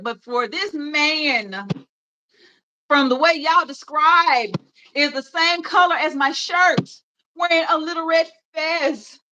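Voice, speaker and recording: A woman's voice: high-pitched, sharp tone, muffled recording. A woman in her thirties with a Memphis accent, hosting a livestream in rambling, chatty talk full of fillers and laughs. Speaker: livestream host. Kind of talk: casual chat.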